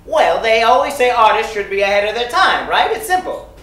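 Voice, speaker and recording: A man's voice: sits high, very animated, a little fast, pushed and bright, recorded from a distance, heavily acted. A man playing a staccato old-timey crooner. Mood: explaining. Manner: staccato, hyper-enunciating every word. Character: fast-talking old-timey male crooner. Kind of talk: 1940s-style sketch comedy acting. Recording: roomy stage sound from afar with music.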